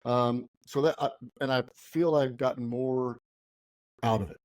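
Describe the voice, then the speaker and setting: A man hosting a podcast, relaxed and self-deprecating in casual conversation. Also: medium pitch, measured pace, dry recording. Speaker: podcast host. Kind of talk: casual interview chat.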